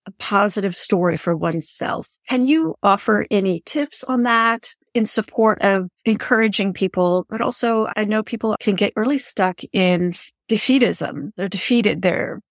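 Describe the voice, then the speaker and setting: On her interview podcast, a woman chats earnestly and effusively, thinking aloud in a reflective way. Her voice sits in the mid range at a normal speed, and the clean studio recording has no echo.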